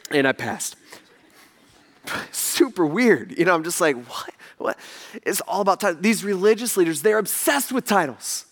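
A man's voice: high voice, normal speed. A male pastor giving a sermon to his congregation, telling stories with casual asides and humor. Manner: animated storytelling with asides to the congregation. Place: church stage before a congregation.

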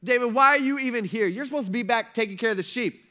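Male pastor as a sneering, scolding older brother, high and bright. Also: fast talker. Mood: scornful. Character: scornful, angry older brother, young man.

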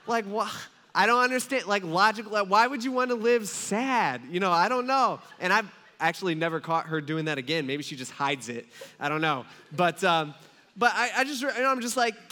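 Man, pastor, casual joking sermon, high voice, bright tone. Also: animated, moderate pace. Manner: casual, joking storytelling with asides.

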